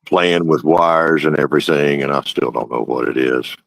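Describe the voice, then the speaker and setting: A man chatting on a live stream in a dry, joking way, often halting and restarting his sentences. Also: rumbling low, creaky, a bit bright, dry recording. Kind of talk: casual live-stream chat.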